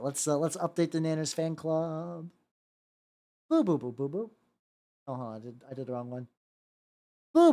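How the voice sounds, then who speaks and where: A woman chatting casually on a live stream while painting miniatures, excitable and swearing freely, often repeating her words. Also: fairly low pitch.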